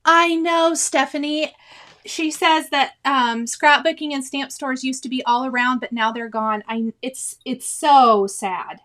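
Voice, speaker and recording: A woman's voice: high-pitched, fairly even intonation, a little slow, fairly bright tone. A woman in her forties hosting a cross-stitch livestream, chatting casually and reading viewers' comments with frequent laughs and exclamations.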